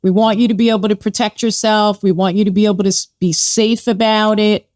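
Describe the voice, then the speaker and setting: A woman leading a local shooting group, speaking in an earnest, supportive and steady way. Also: medium pitch, brisk, dry recording, studio quality. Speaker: shooting group chapter leader. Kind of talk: casual interview chat.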